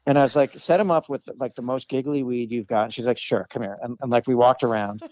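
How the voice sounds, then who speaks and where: A man's voice: mid-range voice, fairly even intonation, fast, muffled recording, background noise. A man, a comedic actor, telling stories as a podcast guest in casual chat, rambling with many fillers and restarts and acting out the people he quotes.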